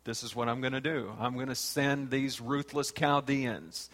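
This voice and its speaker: A man's voice: mid-range voice, normal speed, a bit bright. A man preaching a sermon and reading scripture aloud, his voice rising and falling. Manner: rises and falls, reads scripture aloud. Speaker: pastor. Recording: long hall reverb.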